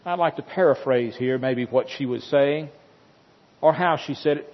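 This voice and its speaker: A man's voice: mid-range voice, moderate pace. A male preacher giving a sermon, retelling scripture with dramatic, emphatic storytelling. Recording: dull sound with long hall reverb.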